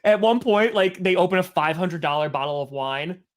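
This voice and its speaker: Animated man calling a game live. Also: sits high, normal speed. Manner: animated, chatty storyteller with many "like"s. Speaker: live stream host. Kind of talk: casual live game commentary mixed with storytelling.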